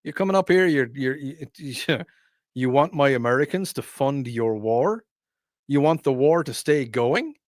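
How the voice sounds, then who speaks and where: A man's voice: medium pitch, lively intonation, measured pace, no room sound, studio quality, natural voice. A man doing a blunt, scolding impression of a brash male president laying down terms.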